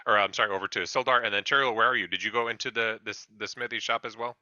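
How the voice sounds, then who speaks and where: Rambling low-voiced man running a tabletop game. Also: steady tone, racing, bright, forceful tone, muffled recording, slight background noise. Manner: rambling, full of fillers and restarts. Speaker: game master.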